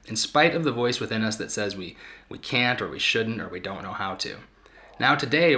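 A man with a fairly low voice and a bright, forceful tone hosts a reflective talk for his audience. He speaks earnestly as a therapist and often pauses to find the right words. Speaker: host and therapist.

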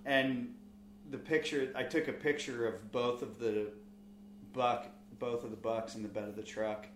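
A man's voice: medium pitch, steady tone, a little slow, reverberant, a little hiss or hum. A man with a Californian accent hosting a casual chat, blunt and swearing casually. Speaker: podcast host.

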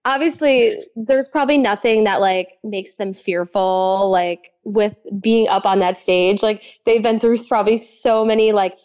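A woman's voice: mid-range voice, steady tone, a little slow, hardly any pauses, a little mellow. A young woman chatting casually and gushing, with lots of fillers and giggles. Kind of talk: casual chat.

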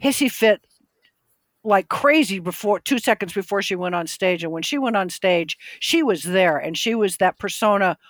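A woman's voice: mid-range voice, animated, normal speed, dry recording. Laid-back woman podcast co-host, dry sound. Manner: laid-back, storytelling with many fillers. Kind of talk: casual chat.

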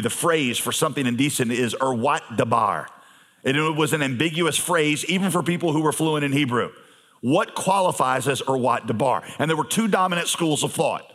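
A male pastor preaching a sermon in a conversational manner, with humorous asides and emphatic pauses. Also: medium pitch, a bit bright.

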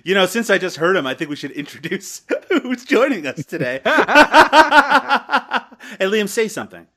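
A Canadian man hosts a comedy podcast with a fairly high voice. He swings his pitch widely and sounds bright and forceful. He teases the others in a deadpan, mock-serious way. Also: brisk. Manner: joking, mock-serious teasing. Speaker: podcast host.

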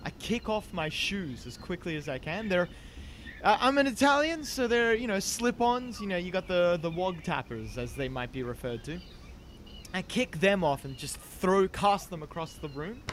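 A man playing a tabletop horror game, describing his character's actions in an animated, rambling way. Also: fairly high pitch, moderate pace, slight background noise. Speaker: player.

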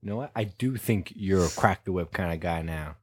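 A man co-hosting a casual comedy podcast, teasing his friends with a deadpan delivery. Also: deep voice, brisk, slightly rough, no room sound. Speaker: podcast co-host.

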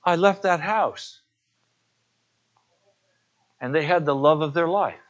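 High-pitched pastor preaching real slow, earnest storytelling, kinda dull lo-fi recording. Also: male voice. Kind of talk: sermon with personal anecdotes.

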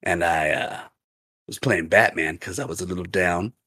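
A young man streaming games, telling a profane story in a casual, animated, laughing way. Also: low-pitched, normal speed, husky. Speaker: gaming streamer.

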